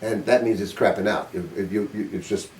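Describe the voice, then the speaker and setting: An older man runs a saxophone master class in a music studio, speaking bluntly and casually, quizzing students and swearing freely. His lowish voice is a little mellow, fairly quick, and fairly even in intonation. A distant mic gives a roomy sound with slight background noise.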